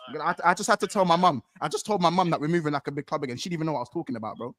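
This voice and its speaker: A man hosting a casual football chat, excitable, swearing and repeating himself. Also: a little high, very fast, few pauses. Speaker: football podcast host.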